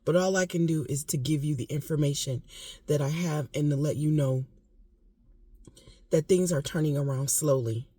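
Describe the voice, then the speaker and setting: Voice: medium pitch, moderate pace, mellow, breathy edge, dry recording. A vlogger giving impassioned casual commentary, emphatic and repetitive, with occasional coughing. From United States.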